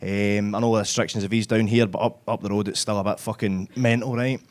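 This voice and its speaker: A man's voice: on the low side, fairly even intonation, fairly quick. A man with a Glaswegian accent doing a live stand-up set on a comedy club stage, brash and sweary, chatting to the crowd and tagging lines with "right?".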